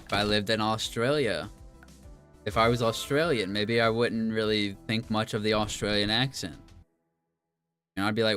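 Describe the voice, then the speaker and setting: A man's voice: lowish voice, fairly even intonation, normal speed. A man chatting casually while playing a video game, musing and meandering with many fillers. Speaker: gaming YouTuber. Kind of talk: rambling commentary over gameplay. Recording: game music playing behind.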